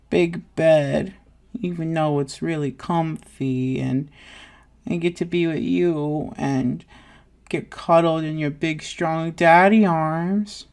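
A woman's voice: mid-range voice, a little mellow. A woman voicing an adult who plays a clingy, stubborn childlike little boy in an audio role-play, whiny, pleading and giggly.

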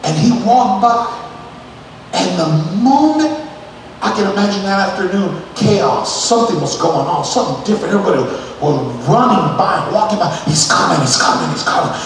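A male pastor delivers an emphatic sermon in a fairly high voice that rises and falls a great deal. He acts out the scenes he tells and calls out to the room. The sound comes from far off in a long-ringing church hall, with faint noise behind it. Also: lively intonation, normal speed. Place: church sanctuary.

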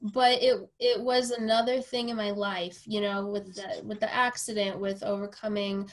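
A woman hosting a podcast interview, telling a lively story and acting out the voices of the people in it. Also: mid-range voice, moderate pace. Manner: animated storyteller, quoting herself and others. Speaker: podcast host. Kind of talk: casual interview conversation.

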